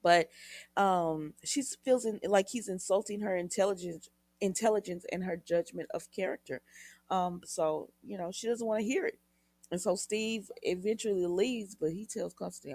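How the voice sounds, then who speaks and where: A woman with a gravelly, fry-tinged voice talks through a soap opera recap, retelling each scene with quoted lines and side comments to her viewers. Her pitch sits in the middle of the range, and the sound is dry and close, with no room around it. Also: moderate pace, darkish tone, no echo. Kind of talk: casual episode recap.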